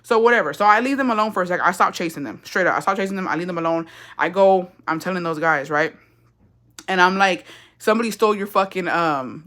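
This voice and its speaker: A woman's voice: fairly low pitch, quick pace. A woman telling a long, profane story to her viewers in casual storytelling style, talking to them directly. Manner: profane, animated, addresses chat as y'all.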